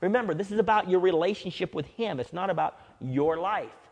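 A man preaching a sermon as pastor, emphatic, dropping to a hush and rising to loud peaks. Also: high voice, lively intonation, fairly quick. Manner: emphatic, swings from hushed to loud. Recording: long hall reverb.

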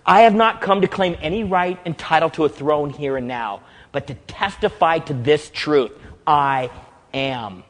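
Male pastor, fairly high voice, dramatic sermon delivery, long hall reverb. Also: unhurried. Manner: dramatic, acts out quoted dialogue with big swings in pitch and volume.

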